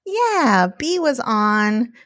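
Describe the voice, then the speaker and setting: A woman's voice: on the high side, very animated, very slow, fairly bright tone, dry recording, studio quality. A woman co-hosting a casual podcast, laughing often and swearing freely. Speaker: podcast co-host.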